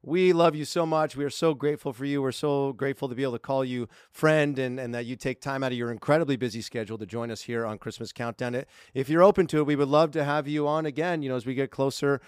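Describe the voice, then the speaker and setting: A man's voice: medium pitch, fairly even intonation, fast, few pauses, clear, resonant tone, dry recording, studio quality. A man co-hosting a podcast, enthusiastic and effusive in casual chat. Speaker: podcast co-host.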